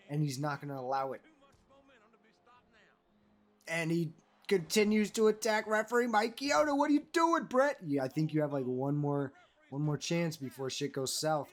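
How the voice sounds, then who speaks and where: A man giving casual, animated play-by-play commentary over a wrestling video game he is playing, calling players "brother". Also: medium pitch. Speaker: gaming commentator.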